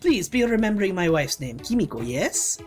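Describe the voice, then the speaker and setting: A woman's voice: medium pitch, very animated, normal speed, darkish tone, soft background music, lightly acted. A woman doing a fussy painter with a fake French accent. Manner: fussy, chirpy broken English.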